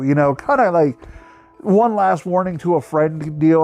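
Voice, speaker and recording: A man's voice: a little high, lively intonation, normal speed, darkish tone. A man hosting his own channel, giving a casual, profane, mocking review of a bad movie. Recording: faint music behind the voice.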